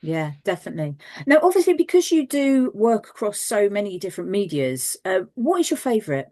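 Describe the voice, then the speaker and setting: A woman's voice: medium pitch, sing-song, brisk, mellow. A woman interviewing a guest, encouraging and often agreeing. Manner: encouraging, frequent agreeing backchannels. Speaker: festival channel interviewer. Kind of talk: interview questions.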